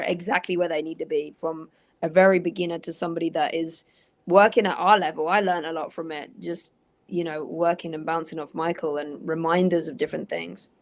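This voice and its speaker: Enthusiastic woman voice actor. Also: on the low side. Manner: enthusiastic, chatty. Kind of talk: livestream chat.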